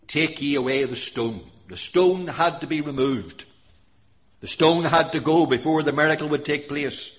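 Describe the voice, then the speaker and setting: A man preaching a sermon with earnest emphasis, reading scripture aloud and swinging between loud stressed phrases and soft quiet ones. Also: medium pitch. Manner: reads scripture in King James wording.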